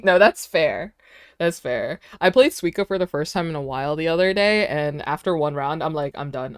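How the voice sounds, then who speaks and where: A woman in her twenties streaming from home, chatting casually and excitedly with her viewers, with lots of "like" fillers. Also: on the low side.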